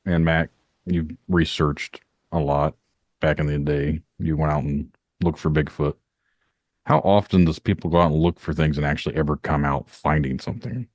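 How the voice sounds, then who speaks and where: Very deep-voiced man, rambling. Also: fairly even intonation, normal speed, darkish tone, dry recording, clean studio sound. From Northern Indiana. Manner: rambling, talkative. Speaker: podcast host. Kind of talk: casual podcast chat.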